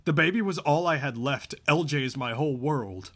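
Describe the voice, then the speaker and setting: A man's voice: a little high, normal speed, fairly bright tone, voice pushed up. A man reading the part of a young woman who is guarded and wounded, his voice lifted slightly. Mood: pained.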